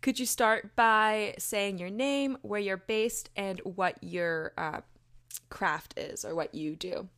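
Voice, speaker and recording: A woman's voice: mid-range voice, takes it slowly, fairly bright tone. A woman co-hosting a podcast, chatting casually with asides and plenty of fillers. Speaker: podcast co-host. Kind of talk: casual podcast intro and interview.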